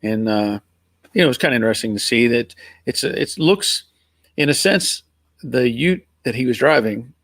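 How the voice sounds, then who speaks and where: Man, middle-aged, American accent between North and South, rambling live-stream host, casual chat, mid pitch, dry close sound. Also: lively intonation, normal speed, a bit bright, no echo. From Pennsylvania, USA. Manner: rambling, easygoing, chuckling. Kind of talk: casual live chat reading viewer comments.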